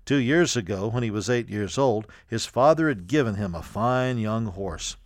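A man narrating a storybook in a steady, clear reading voice. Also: lowish voice, moderate pace, dry recording, clean studio sound. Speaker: audiobook narrator.

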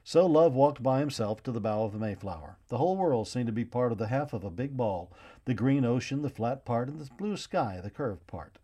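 A man narrating a children's storybook in an expressive, gently paced reading voice. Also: mid-range voice, fairly quick.

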